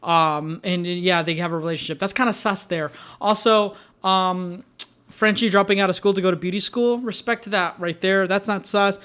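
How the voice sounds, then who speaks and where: A man's voice: sits high, fairly even intonation, moderate pace, fairly bright tone, clear, resonant tone. A young man casually reviewing films, rambling with lots of fillers and restarts. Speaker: film reviewer. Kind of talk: casual movie review vlog.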